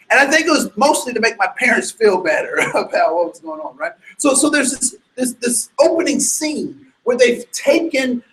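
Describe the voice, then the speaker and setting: A man giving an animated, emphatic sermon-like talk to an audience, full of rhetorical questions and restarts. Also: very high-pitched, unhurried, reverberant, poor audio. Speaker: speaker addressing an audience.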